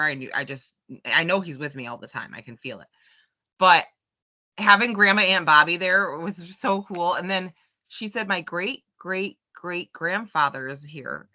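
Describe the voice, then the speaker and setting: A woman co-hosting a podcast, chatting casually and telling stories, acting out what others said. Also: fairly low pitch. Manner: chatty storyteller, quotes others in lively voices. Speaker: podcast co-host. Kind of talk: casual chat. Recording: dull lo-fi sound.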